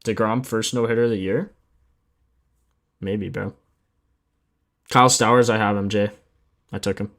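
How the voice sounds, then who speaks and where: Lowish and fairly bright, his voice stays fairly even in intonation at a normal speed, broken by long pauses. He's a just-woken, sleepy host of a casual sports betting livestream, slangy and relaxed, reading stats aloud and answering chat.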